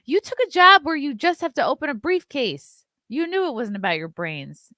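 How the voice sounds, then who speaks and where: A woman's voice: high-pitched, sing-song, moderate pace, pushed and bright, no room sound, studio quality. A woman hosting an opinionated commentary show, ranting with sarcasm and profanity. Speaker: host.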